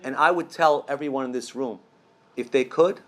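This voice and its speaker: A man giving a storytelling speech to a live audience in a room, animated and full of rhetorical questions. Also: mid-range voice, moderate pace. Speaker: speaker at a Passover event.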